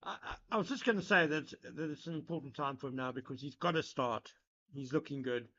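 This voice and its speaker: A man giving live cricket commentary, measured and analytical, chatting with his co-commentator. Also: on the high side, pushed and bright, a little hiss or hum. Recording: lo-fi broadcast sound.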